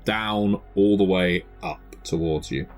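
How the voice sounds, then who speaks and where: A man narrating a tabletop game as game master, describing scenes in a measured way with occasional fillers. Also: deep voice, soft background music.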